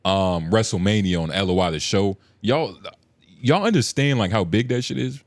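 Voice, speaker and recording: Co-host, male, very low voice, dry close sound, loose and profane. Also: expressive, moderate pace, dry recording. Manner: rambling, profane banter. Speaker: podcast co-host. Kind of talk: casual chat.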